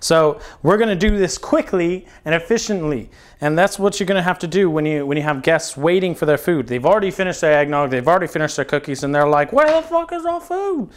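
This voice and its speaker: A young man with a fairly high voice hosts a spoof cooking show. He walks through each step in a loose, joking patter and swears freely along the way. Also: fast, clean tone. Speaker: comedic cooking show host. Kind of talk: mock cooking show, improvised comedy.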